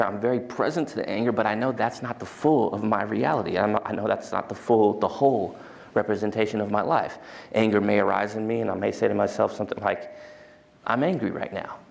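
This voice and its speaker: A man's voice: on the low side, creaky. A man giving a casual, conversational university lecture in a large lecture hall, including a guided mindfulness exercise.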